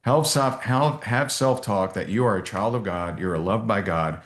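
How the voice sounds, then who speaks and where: A man coaching a team on a video call, telling stories with lively restarts and repeats. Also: on the low side, moderate pace, roomy sound. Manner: animated storytelling with many restarts. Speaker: business coach.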